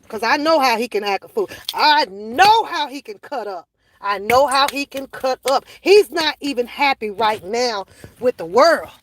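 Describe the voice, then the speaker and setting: Woman w/ aave preaching on a livestream, kinda high voice, says stuff over and over, dry close mic. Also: dry recording. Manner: preachy, animated, repeats lines for emphasis. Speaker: livestream host. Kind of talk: casual livestream talk.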